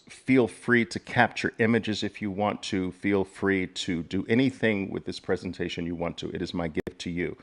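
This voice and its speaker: A man hosting a live online trading session, talking with plenty of fillers and repeating phrases, at times excitedly. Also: lowish voice. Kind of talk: live webinar talk.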